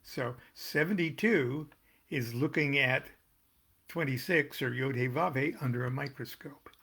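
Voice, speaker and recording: An older American man reading aloud from his own tarot booklet, pausing to explain terms and make small jokes. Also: medium pitch, vocal fry, a bit bright. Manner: unhurried, stops to explain and joke. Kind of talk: casual reading with asides.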